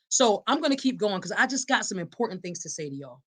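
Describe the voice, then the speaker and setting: A woman's voice: mid-range voice, sing-song, fast, hardly any pauses, fairly bright tone, slightly rough. A woman hosting a live podcast speaks. She delivers each point with firm, preacher-like emphasis, talking straight to her audience and answering their comments as they come in. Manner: emphatic and preacherly, addressing listeners as y'all and reading live comments. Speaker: podcast host. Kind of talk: live-streamed advocacy talk.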